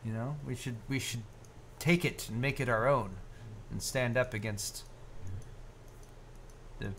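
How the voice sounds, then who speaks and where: A man's voice: mid-range voice, unhurried, fairly bright tone, slight background noise. A man co-hosting a live tech stream, chatting casually and rambling, with lots of fillers and restarts. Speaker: co-host of a live tech show.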